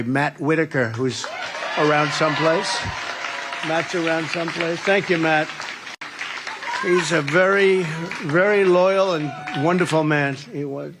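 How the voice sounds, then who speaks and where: Older man, rally speech, boastful and rambling, slightly high voice, repeats himself. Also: noisy background. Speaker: political speaker at a rally. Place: large indoor rally room.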